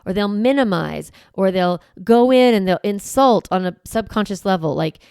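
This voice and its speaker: A woman's voice: mid-range voice, animated, moderate pace, darkish tone, clear, resonant tone, dry recording, studio quality. A woman podcast host coaching parents in a conversational, encouraging way. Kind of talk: podcast teaching monologue.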